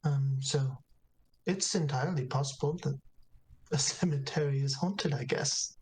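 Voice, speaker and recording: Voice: medium pitch, a little slow, poor audio. Unsure tabletop player with faint noise. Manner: uncertain, trailing off. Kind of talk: playing a tabletop game.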